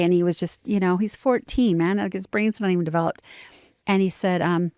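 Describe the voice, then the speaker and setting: A woman guest on a podcast, telling a story in an animated way and acting out the dialogue. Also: on the low side, a little fast, no echo, clean studio sound. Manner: animated, acts out dialogue with lively shifts.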